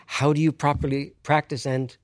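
A man answering an audience question with a reflective story. He talks deliberately with pauses, makes wry asides and laughs at his own jokes. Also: fairly high pitch, level tone, dry recording.

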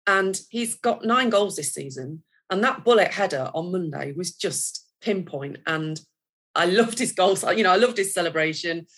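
A woman's voice: on the low side, expressive, normal speed, fairly bright tone. A woman chatting on a football podcast, enthusiastic and rambling. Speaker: podcast co-host. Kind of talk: casual football podcast chat.

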